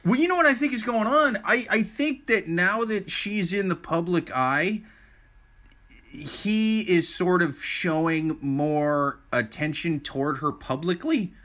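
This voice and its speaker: A man's voice: high-pitched, measured pace, pushed and bright. A young man in casual podcast chat, blunt and crude, joking as he talks.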